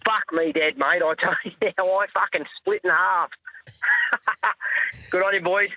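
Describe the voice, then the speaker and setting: A man's voice: high-pitched, a little slow, long pauses, dry recording. A man in his thirties with an Australian accent, calling in to tell a story in a laid-back way with plenty of swearing. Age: 30s. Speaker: caller. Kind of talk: phoned-in voice message. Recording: dull-sounding phone line.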